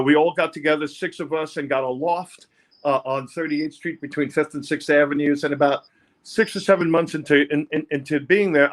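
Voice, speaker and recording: Older New man, halting storyteller. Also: a little high. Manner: rambling, halting, repeats words. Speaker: interview guest, music producer. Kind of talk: candid personal storytelling.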